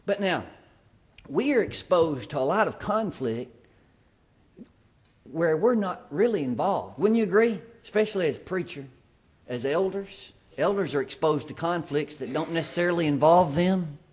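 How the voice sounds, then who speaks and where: High-voiced man preaching a sermon. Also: expressive, a little mellow. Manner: emphatic, slows down on key words. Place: church sanctuary.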